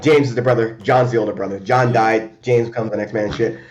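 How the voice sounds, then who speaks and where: A man in a casual remote chat, talking fast and loose with lots of fillers, restarts and swearing. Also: on the low side. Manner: animated and profane, many fillers and restarts. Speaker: podcast co-host.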